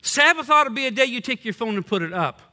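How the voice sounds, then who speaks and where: Older man preaching, high bright voice, lively swings; pastor at the pulpit. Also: quick pace. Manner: animated, swinging between loud punchy lines and low drops. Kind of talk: sermon.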